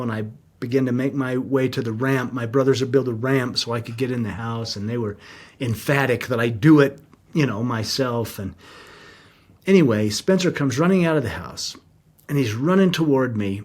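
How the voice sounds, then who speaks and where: A man's voice: medium pitch, moderate pace, darkish tone. A middle-aged man, a guest in an interview, telling a personal story in an earnest, heartfelt, reflective way.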